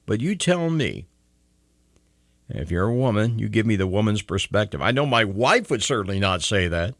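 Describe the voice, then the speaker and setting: A man's voice: lowish voice, big pitch swings, normal speed, fairly bright tone, dry recording. A man hosting a talk radio show, talking in a wisecracking, sarcastic monologue from a radio studio. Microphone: studio microphone.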